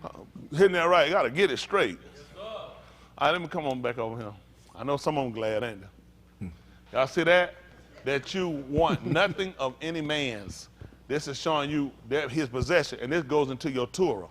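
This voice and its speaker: A man's voice: fairly high pitch, expressive, normal speed, a bit bright, a little hiss or hum. A man preaching as a pastor in a blunt, profane, rambling informal sermon.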